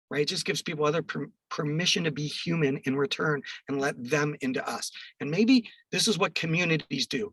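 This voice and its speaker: A middle-aged man, a podcast guest, telling a story in an animated way and acting out the quoted dialogue. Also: a little high, breathy edge, no echo, distant mic, low-quality recording.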